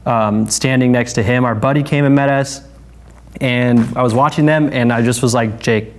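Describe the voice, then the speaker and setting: Male interview guest, a barber, mid-range voice, relaxed and profane, laughs while recounting the story. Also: medium pitch, normal speed. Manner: laid-back, laughing, swears often, frequent fillers. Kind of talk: casual conversation.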